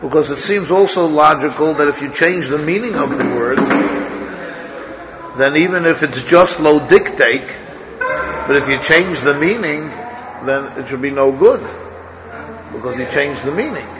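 A man's voice: fairly high pitch, lively intonation, unhurried, long pauses, highs cut off, crowd noise. A man teaching a Torah study class as a rabbi, thinking aloud, asking his students questions and restarting his sentences often.

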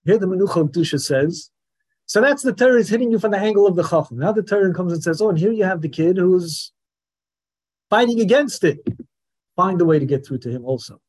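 A man teaching a Torah class in a lively lecturing manner, acting out the voices of the people he describes. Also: high voice, quick pace, slightly rough. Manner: animated, acts out the questioner's voice.

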